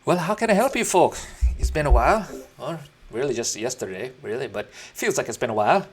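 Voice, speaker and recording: A man voicing an excitable, friendly little male gnome in a tabletop game, talking in a gushing, eager way. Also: mid-range voice, brisk, husky. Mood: chipper.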